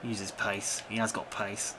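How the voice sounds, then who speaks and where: A young man giving live commentary on his own football video game, talking to the players on screen and swinging between muttering and shouting. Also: on the low side, monotone, a little slow, background noise. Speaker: gaming YouTuber.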